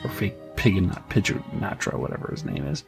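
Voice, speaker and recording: A man's voice: fairly low pitch, animated, a little fast, gravelly, faint music behind. A man co-hosting a podcast, casually recapping a comic and acting out the characters' lines in raised voices, with many fillers. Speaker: podcast co-host.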